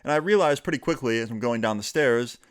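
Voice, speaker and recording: A man's voice: medium pitch, lively intonation, quick pace, clean tone. Chatty young man telling a story. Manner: chatty, filler-heavy, acts out quoted friends. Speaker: vlogger. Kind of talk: casual storytime.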